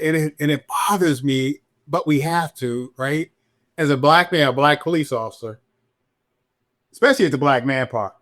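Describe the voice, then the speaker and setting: A middle-aged man speaks as a podcast guest in a slightly high register. He tells his police story candidly and animatedly. He jumps higher still whenever he acts out what someone said. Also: a bit bright.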